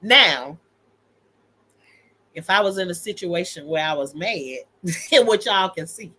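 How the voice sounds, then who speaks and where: A woman's voice: lowish voice, lively intonation, slow, bright, forceful tone, husky. A woman hosting a casual livestream, telling stories about family and her kids with candid emphasis and frequent laughter. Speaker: livestream host and mother.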